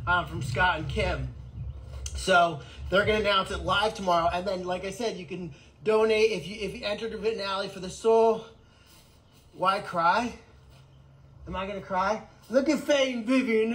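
A man hosting a casual live vlog outdoors on an animal sanctuary farm, talking in an excitable, rambling way. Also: high-pitched, a little hiss or hum, rough recording.

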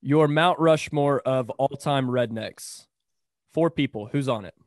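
A man's voice: mid-range voice, measured pace, no echo. Easygoing podcast host guy, dry sound. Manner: easygoing, upbeat questioner. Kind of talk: casual podcast interview.

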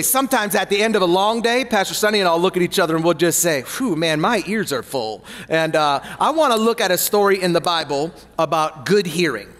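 A man preaching a sermon as pastor, playful and animated, joking with the congregation between points. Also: high-pitched, big-room sound. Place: church hall.

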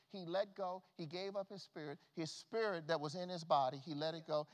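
A man preaching a sermon as pastor, swinging from loud calls to hushed, folksy asides. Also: on the high side. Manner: preaching with big swings from shouts to hushed tones. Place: church sanctuary. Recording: long reverb of a church hall.

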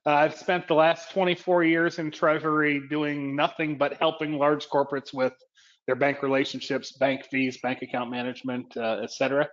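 A man introducing himself briskly as a webinar co-speaker. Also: fairly high pitch, little pitch movement, fairly bright tone. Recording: lo-fi online call audio.

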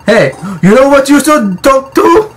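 A man's voice: very high-pitched, animated, unhurried. A man hosting a gaming channel, giving jokey, profane let's-play commentary and scolding the game's characters.

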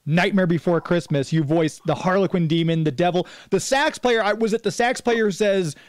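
A man's voice: high-pitched, no echo, studio quality. A man hosting a radio interview, eager and chatty like a fan. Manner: enthusiastic fan, quick asides. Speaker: radio show host. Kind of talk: casual interview.

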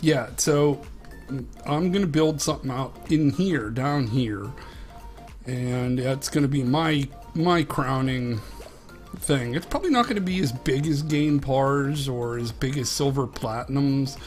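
A man's voice: medium pitch, a little slow, faint music behind. A man with a Western Pennsylvania accent hosting a Minecraft let's-play, chatting in a rambling, casual way as he plays. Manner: chatty and rambling, talks to the animals on screen. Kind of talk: casual gameplay commentary.

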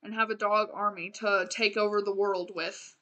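A woman's voice: medium pitch, fairly even intonation, normal speed, fairly bright tone, dull audio. A young woman streaming a game, chatting casually and playfully as she plays, rambling with lots of restarts. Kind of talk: casual gameplay commentary.

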